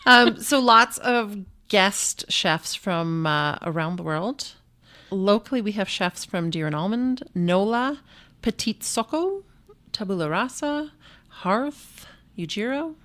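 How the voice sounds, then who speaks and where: A young adult woman co-hosting a casual podcast, chatty and easygoing, laughing often and filling pauses with ums while she shares event news. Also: mid-range voice, lively intonation, fairly bright tone. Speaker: podcast co-host. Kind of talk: casual chat.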